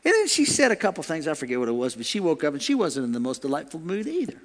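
Male pastor, sermon, higher voice with wide swings, echoing church hall. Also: quick pace. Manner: animated, acts out voices and laughs.

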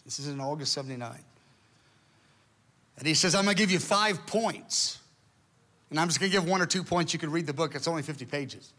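An earnest male preacher with a bright, forceful voice that sits a little high. He retells a story with quoted dialogue and presses his point with intensity. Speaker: pastor. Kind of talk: sermon storytelling.

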